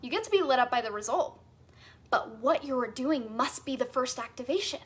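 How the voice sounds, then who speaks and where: High-voiced enthusiastic woman coach. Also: animated, brisk, breathy edge. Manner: enthusiastic, emphatic, repeats phrases for stress; casual with fillers like "like" and "right?". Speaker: sales and human design coach. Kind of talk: teaching a live masterclass call.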